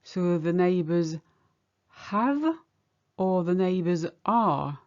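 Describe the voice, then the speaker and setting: A woman's voice: fairly low pitch, extremely slow, a little mellow, dull audio. A woman teaching a language lesson, patiently explaining each example step by step. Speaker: French teacher.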